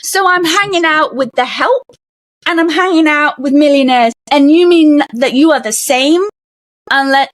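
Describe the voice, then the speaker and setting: A woman guest on a podcast, telling stories in a lively way and acting out the voices of the people in them. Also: high voice, normal speed, no room sound. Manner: animated storyteller, acts out quoted voices. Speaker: podcast guest, comedian and author. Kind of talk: casual interview talk.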